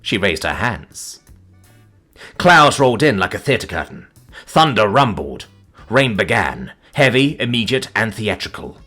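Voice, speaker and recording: A man narrating a comic fantasy story with wry, deadpan asides. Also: fairly low pitch, measured pace, soft background music.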